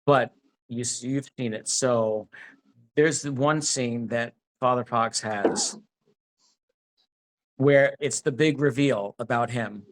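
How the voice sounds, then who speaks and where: A man's voice: medium pitch, takes it slowly, pauses often. A man being interviewed about his acting work, talking casually and rambling with many restarts. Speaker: actor, interview guest.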